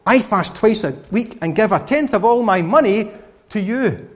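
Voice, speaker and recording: A boastful, self-righteous man praying aloud and praising his own goodness, as a preacher acts him out. The voice sits high and swings widely with pride. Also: animated, normal speed. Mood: smug. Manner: smug, loud, self-praising.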